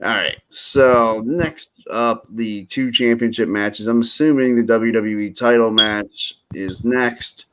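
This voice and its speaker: A man's voice: medium pitch, fairly even intonation, takes it slowly, few pauses, fairly bright tone. Male podcast co-host, mid-range voice, loose, joking, rambling delivery. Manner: rambling, jokey, lots of restarts. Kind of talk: casual wrestling chat.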